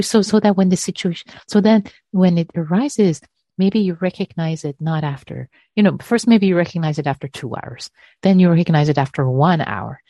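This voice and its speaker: A woman meditation teacher answering a question in a gentle, soothing talk, repeating words and trailing off. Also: lowish voice, moderate pace, no room sound.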